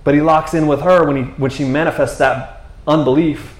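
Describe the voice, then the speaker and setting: A man's voice: a little high, fairly even intonation, normal speed, reverberant. A man preaching a passionate, conversational sermon from a church stage, often asking "you know what I mean?". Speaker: pastor. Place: church sanctuary.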